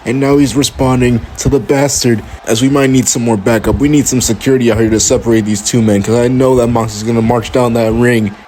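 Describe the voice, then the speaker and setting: A man giving excited, outraged play-by-play commentary over a wrestling video game, often exclaiming and swearing. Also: medium pitch, brisk, few pauses, slight background noise.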